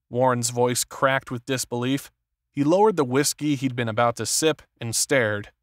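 A man reading an audiobook in a steady, measured narration. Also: mid-range voice, no echo, clean studio sound. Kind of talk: scripted narration.

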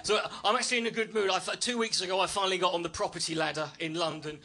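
Male stand-up, high bright voice, quick-fire delivery; brash, sweary, self-deprecating; live club mic with faint noise. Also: steady tone, creaky. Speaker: stand-up comedian. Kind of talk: stand-up routine. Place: comedy club stage with audience.

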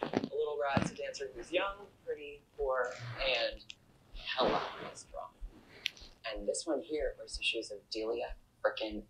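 A sly young male ballet dancer in a TV drama, smug and teasing, as a man acts him out. The voice sits mid-range. Clear background noise runs under the show audio. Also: mid-range voice, fairly even intonation, unhurried, close to an everyday voice. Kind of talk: TV drama acting.

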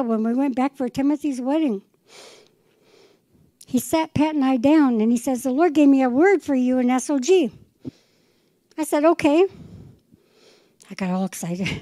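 A woman's voice: a little high, warm tone, dry recording, poor audio. A middle-aged woman pastor preaching a fervent sermon, acting out conversations with the Lord. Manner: fervent, quotes the Lord in dialogue.

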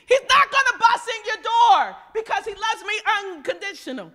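High, bright-voiced woman preaching. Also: lively intonation, moderate pace. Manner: conversational preaching, mimics voices, asks the congregation questions; swings between loud emphatic shouts and quiet asides. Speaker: pastor. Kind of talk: lively casual sermon.

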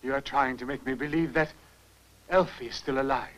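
An actor in a dubbed film playing a distraught young man who pleads and accuses and breaks into anguished shouts. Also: medium pitch, steady tone, a little fast, lightly acted, low-quality recording. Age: young adult. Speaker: young man confronting a professor.

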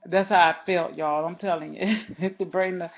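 A woman's voice: on the low side, steady tone, normal speed, muffled recording. A woman vlogger telling a rambling story in a casual, chatty way, talking straight to her viewers.

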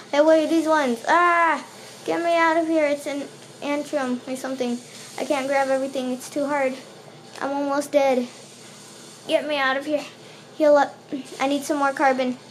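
Woman, high voice, unhurried, let's play commentary, panicky repeated outbursts, faint hiss behind. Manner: panicky, repeats words in bursts; talks to the game's enemies. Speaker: gaming channel host.

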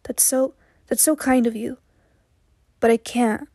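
A woman voicing a miserable, guarded young man who speaks quietly and hesitantly, in an audiobook reading. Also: fairly high pitch, steady tone, a little slow, no room sound, studio quality. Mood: wretched.

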